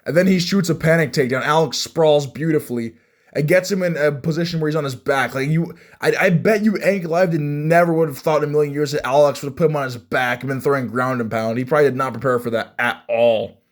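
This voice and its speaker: A young man giving casual fight reaction commentary, excitable and rambling, with many restarts. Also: fairly high pitch, quick pace. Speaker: MMA fan reviewing fights.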